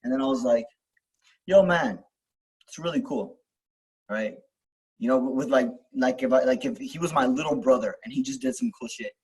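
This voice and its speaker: A man's voice: mid-range voice, lively intonation, brisk, darkish tone, slightly rough, rough recording. A young man telling a personal story in casual, rambling talk, full of fillers, restarts and swearing, as host of a self-help video.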